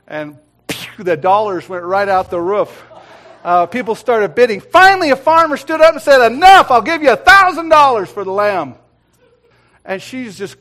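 Middle-aged male preacher with a high voice, delivering a sermon that swings from loud emphasis to hushed tones.

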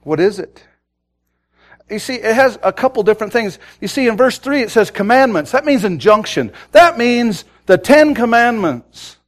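A man delivers a sermon in a fairly high voice. He drops low to tell a personal story, then builds to loud, urgent exhortation and often repeats words as he starts a thought. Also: lively intonation, normal speed. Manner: swings between loud urgent preaching and quiet storytelling. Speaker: pastor.

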